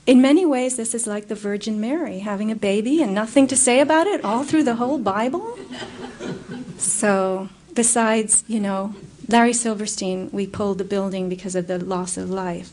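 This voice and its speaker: A woman giving a public talk and answering audience questions, telling stories in an earnest, animated way. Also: mid-range voice, moderate pace. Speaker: guest speaker.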